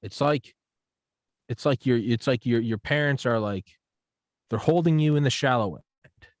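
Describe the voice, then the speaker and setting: A man chatting as a podcast guest in a loose, rambling way, cursing often and playing out made-up exchanges. His voice sits at a middle pitch. The sound is dry and close, with no room echo. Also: unhurried. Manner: profane, rambling, animated with acted-out examples. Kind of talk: casual podcast conversation.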